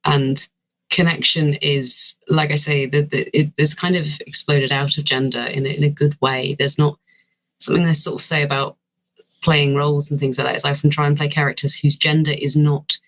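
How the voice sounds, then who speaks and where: A British guest on a podcast with a bright, forward voice, musing and wandering through their answers with some self-mockery. The tone sits in an ordinary middle pitch and the talk stays easygoing and chatty. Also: flat delivery, moderate pace, poor audio. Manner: thoughtful, rambling, self-deprecating. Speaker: guest actor. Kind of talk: casual interview chat. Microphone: remote call.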